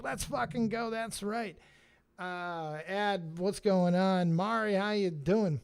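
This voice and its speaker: Excitable male streamer, high voice, reads chat, bursts into shouts. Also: a little slow, clear, resonant tone. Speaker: streamer and show host.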